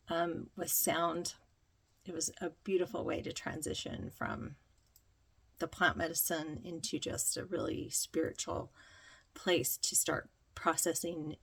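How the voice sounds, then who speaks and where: A woman telling a reflective personal story, slow and dreamy, with many ums. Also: fairly low pitch, a bit bright. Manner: slow, dreamy, breathy with frequent ums and laughter. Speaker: spiritual vlogger.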